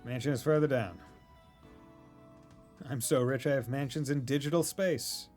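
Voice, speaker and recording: A man's voice: mid-range voice, moderate pace, darkish tone, faint music behind, close to an everyday voice. A man voicing a skeptical man who speaks in a dry, matter-of-fact way.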